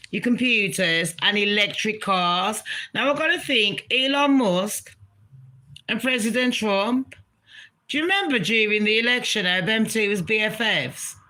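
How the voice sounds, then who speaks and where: A woman's voice: medium pitch, bright, forceful tone. A woman livestreaming and ranting to her chat in a blunt, profane, mocking way. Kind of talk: casual livestream rant to chat.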